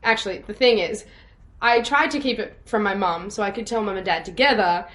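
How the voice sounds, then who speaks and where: A young woman, a musical theatre actress, telling stories with bubbly excitement and frequent laughs over a video call. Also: mid-range voice, brisk. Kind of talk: casual interview chat.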